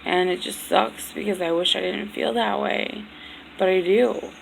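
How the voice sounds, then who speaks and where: A young woman with a very gravelly, fry-heavy voice, telling her story straight to camera. She talks bluntly and swears freely as she vents, and a faint hiss sits under the recording. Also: mid-range voice, fairly even intonation, a little slow, poor audio. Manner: blunt, profane, emotional venting. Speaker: vlogger. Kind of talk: candid personal storytime vlog.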